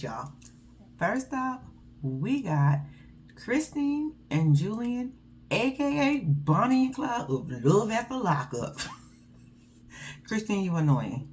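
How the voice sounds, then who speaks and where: A woman, giving a casual, loud and profane recap of a reality show and laughing often. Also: mid-range voice, big pitch swings, slow, long pauses, slight background noise.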